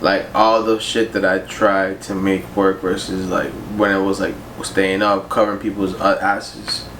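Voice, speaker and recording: With a level tone and measured pace, a young vlogger in a low, slightly bright voice relaxes into a storytime about his job. He swears, uses slang, and fills gaps with "bro" and "like," recorded in an echoey room with light noise.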